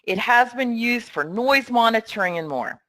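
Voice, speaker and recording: A middle-aged woman gives a training webinar at an unhurried pace. Her voice is bright and fairly high, and her delivery is friendly and clear. The recording is dry and close. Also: animated, dry recording, poor audio. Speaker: webinar presenter.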